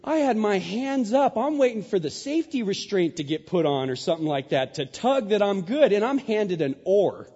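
A man's voice: normal speed, few pauses, slightly rough. A man preaching a sermon, telling a story and acting out the lines he quotes with big jumps in his voice. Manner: animated, acts out quotes with big pitch jumps. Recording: dull sound in a large hall.

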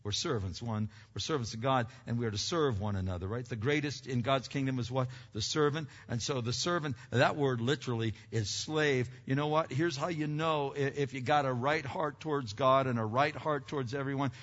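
A man preaching a sermon, swinging between loud emphatic passages and quiet earnest asides, asking the congregation questions and answering them himself. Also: mid-range voice, brisk, few pauses. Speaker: pastor. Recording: dull lo-fi recording with long hall reverb.

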